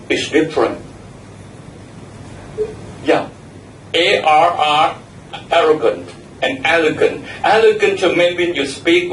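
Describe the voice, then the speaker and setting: A man evaluates the speakers at a club meeting, repeating words and spelling some out. His voice sits a little high for a man. He is picked up from across an echoey room, with faint noise behind. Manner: repeats and spells out words, gives warm feedback. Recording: echoey room, mic far off.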